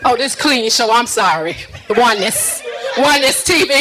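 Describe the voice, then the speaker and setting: A woman doing a stand-up routine, sassy and teasing the crowd with drawn-out punchlines. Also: on the high side, animated, music in the background, low-quality recording. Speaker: stand-up comedian.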